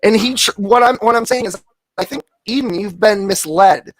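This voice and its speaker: A man's voice: sits high, normal speed, no echo, poor audio. A man co-hosting a live stream, blunt and exasperated. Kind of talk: casual live-stream chat.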